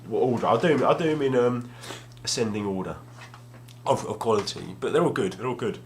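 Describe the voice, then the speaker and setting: A young man, a gaming vlogger, sits at a table in a room at home and tells a rambling, self-deprecating story, casual and full of restarts. His mid-range voice moves fairly quickly, with slight background noise.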